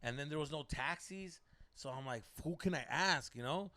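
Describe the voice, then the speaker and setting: A man telling a story on a podcast, animated, swearing often and mixing slang into his English. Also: a little high, normal speed, no echo. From Mexico. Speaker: podcast co-host. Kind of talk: casual storytelling chat.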